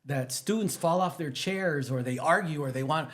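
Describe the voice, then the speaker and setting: A man, a teacher guesting on a podcast, telling stories in an animated, rambling way that jumps from one topic to the next. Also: normal speed. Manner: animated, rambling, jumps between stories, emphatic pitch rises. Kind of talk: casual storytelling interview.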